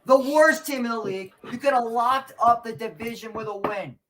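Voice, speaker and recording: A man's voice: very high-pitched, moderate pace, fairly bright tone. A man hosting a casual sports podcast, ranting through sarcastic trash talk about a rival team. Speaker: podcast host.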